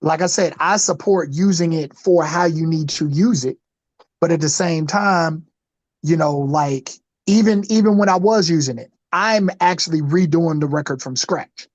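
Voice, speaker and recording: Man, casual podcast chat, high voice, rambling with fillers, dull lo-fi sound, dry. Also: normal speed, no room sound. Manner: rambling, full of fillers like "you know what I'm saying". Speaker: podcast co-host.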